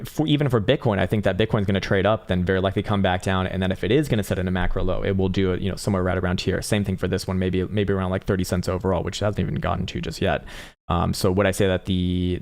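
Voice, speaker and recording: Casting: young male livestream host, very low voice, relaxed, swears casually, laughs a lot while reading chat. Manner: laid-back, swears casually, laughs often, answers chat. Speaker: trading analyst livestream host. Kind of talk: casual live chart analysis.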